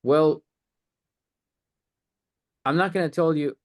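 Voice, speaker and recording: A man's voice: a little high, slow pace. A man coaching a group on a sales call, talking bluntly with lots of swearing. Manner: blunt, swears freely, acts out mock sales lines.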